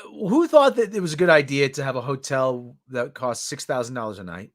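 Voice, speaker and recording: A man's voice: mid-range voice, lively intonation, brisk. A man hosting a podcast, giving sarcastic, ranting news commentary in a mocking tone. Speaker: podcast host.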